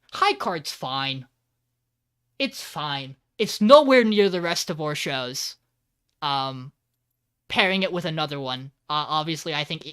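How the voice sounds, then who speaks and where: A man's voice: on the high side, smooth. A man co-hosting a podcast, recapping an anime episode in casual chat and acting out the characters' lines as he goes. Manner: animated, acts out character lines while recapping. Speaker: podcast co-host.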